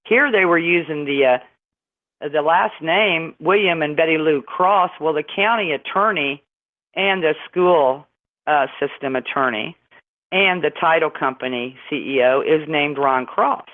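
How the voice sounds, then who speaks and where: A woman's voice: low voice, measured pace. Middle-aged woman calling in, rambling and indignant, stop-start delivery, thin phone-line sound. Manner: rambling, indignant, many restarts. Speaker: guest caller. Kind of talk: phone-in interview storytelling.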